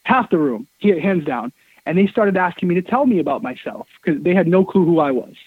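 A man's voice: sits high, brisk, husky, no room sound. A man in his thirties, a guest on an interview show, talking emphatically and telling stories, heard over a dry phone line. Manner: emphatic, repeats words, lively storyteller. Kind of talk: casual interview talk, storytelling.

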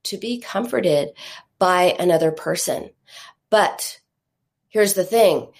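A woman giving a live teaching talk to an audience, telling stories in an earnest way with lively asides. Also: on the low side, takes it slowly. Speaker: teacher on emotional eating.

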